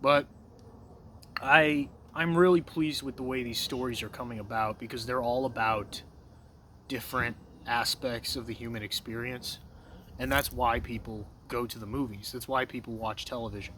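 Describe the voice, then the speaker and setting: This vlogger's voice is mid-range and fairly even, bright and forceful, moving at a moderate pace over slight background noise. Cursing freely and tossing out "bro" and "dude" again and again, he talks to camera in a confident, digressive ramble that often trails off before a thought is finished.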